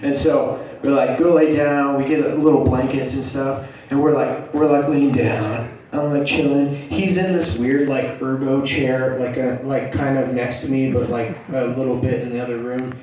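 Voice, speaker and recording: A man's voice: medium pitch, steady tone, moderate pace, hardly any pauses, darkish tone, very echoey, far from the mic, a little hiss or hum, poor audio. A man telling a comic story on stage, hyper and laughing, acting out the people in it. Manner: hyper, laughing, acts out quotes. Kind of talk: storytelling stand-up.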